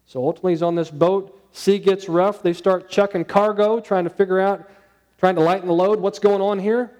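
A man preaching a conversational sermon, asking his listeners questions and dropping to a hushed tone on key points. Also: sits high, fairly even intonation, brisk. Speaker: pastor.

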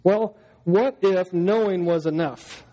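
A man's voice: sits high, takes it slowly, warm tone. A man preaching a sermon as pastor, talking to the congregation in a chatty way and acting out everyday scenes in little voices. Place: church hall. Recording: long hall reverb.

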